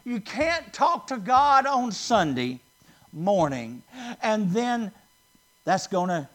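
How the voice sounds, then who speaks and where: A male preacher with a very high voice delivers a sermon at a slow, deliberate pace. He leans hard on key phrases, stretching them out, and keeps asking the congregation to answer back. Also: sing-song. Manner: emphatic, drawn-out stresses, asks the congregation questions.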